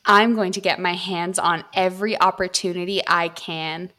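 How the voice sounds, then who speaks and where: Casting: female podcast host, bright, crisp voice, reads steadily, jokes between passages. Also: on the low side, steady tone, normal speed. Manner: reads steadily, breaks off to joke. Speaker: podcast host reading a story. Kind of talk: reading erotic fiction aloud with banter.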